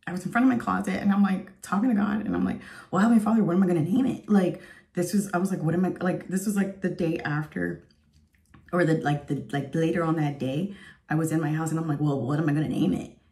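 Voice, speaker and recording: A woman's voice: deep voice, steady tone, fast, a little mellow. A woman in her thirties giving an earnest, emotional spoken testimony as a vlogger, rambling with lots of fillers. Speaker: faith vlogger.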